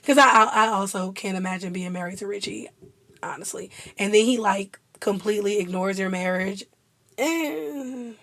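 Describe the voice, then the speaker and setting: A woman's voice: medium pitch, flat delivery, fairly quick, a bit bright, no room sound. A young woman chatting casually and laughing often as a vlogger. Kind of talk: casual chat.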